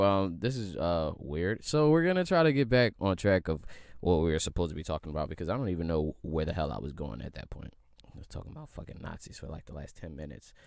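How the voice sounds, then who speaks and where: A man's voice: fairly low pitch, no echo, clean studio sound. A young man from the area, hosting a solo podcast in a loose, profane, rambling rant full of rhetorical questions. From Philadelphia area. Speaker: podcast host.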